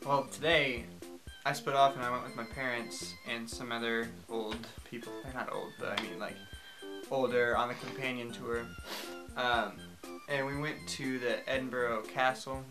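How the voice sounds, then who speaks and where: A man's voice: mid-range voice, fairly even intonation, normal speed, rough recording. A young man casually recapping his day on tour, chatty and laughing between sentences. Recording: music playing underneath.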